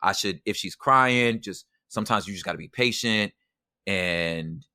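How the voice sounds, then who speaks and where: A man's voice: sits low, unhurried, pushed and bright, smooth, no room sound, clean studio sound. A man talking as a podcast guest in casual conversation, emphatic and slangy, often adding "you know what I'm saying".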